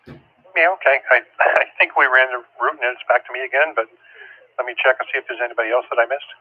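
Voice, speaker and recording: A man with a mid-range voice muses aloud on an amateur radio net, pausing on hesitant fillers. His audio is narrow and phone-like, heard over the radio. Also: medium pitch, dry recording. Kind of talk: casual ham radio net chat.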